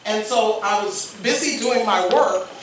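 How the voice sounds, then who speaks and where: A woman giving a talk at a live event, telling a personal story and acting out the dialogue with lively energy. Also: medium pitch, a little slow, background noise. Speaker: keynote speaker. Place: event hall. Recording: echoey hall mic from a distance.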